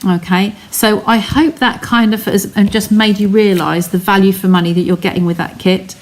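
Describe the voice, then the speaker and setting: At a steady, medium pitch and an ordinary pace, a woman hosts a live craft stream from her home studio. She chats her way through each step and speaks directly to her viewers.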